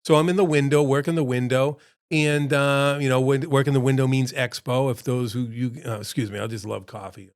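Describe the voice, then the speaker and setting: A man's voice: medium pitch, steady tone, brisk. A middle-aged man, a restaurant owner, casually telling a rambling, self-deprecating story and laughing often as he acts out both sides.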